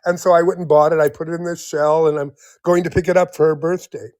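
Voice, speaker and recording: A man's voice: a little high, level tone, fast talker, darkish tone, no echo, clean studio sound. A man in his seventies telling stories as an interview guest, rambling with many restarts and frequent laughs. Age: 70s. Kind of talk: casual storytelling in an interview.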